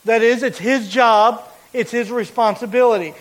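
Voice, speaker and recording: A man preaching a sermon as pastor, explaining a verse with deliberate, emphatic repetition. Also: extremely high pitch, rough recording.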